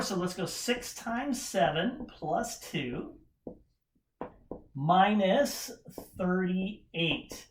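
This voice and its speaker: Her voice sits in the middle range, and faint background noise can be heard. She's a chemistry teacher running an informal lesson online, joking on the side while counting out loud.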